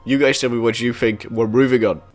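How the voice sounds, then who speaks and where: A man's voice: mid-range voice, fairly even intonation, a little fast, soft background music. A young man casually commenting on video game items, chatty and enthusiastic, often laughing.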